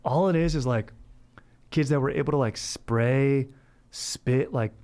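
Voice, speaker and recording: A man's voice: mid-range voice, measured pace, darkish tone. Laid-back rambling young man, dude-heavy storytelling. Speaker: podcast host. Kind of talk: casual storytelling chat.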